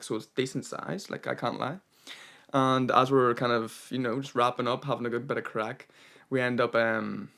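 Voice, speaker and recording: A man's voice: mid-range voice, a bit bright. A young man narrating his travel vlog in a chatty, rambling way, full of "kinda" and "you know". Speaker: travel vlogger.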